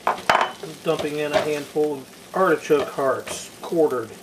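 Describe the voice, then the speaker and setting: Slow, wry man cooking at home. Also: a little high, very noisy. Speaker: home cook. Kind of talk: relaxed cooking narration. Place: home kitchen.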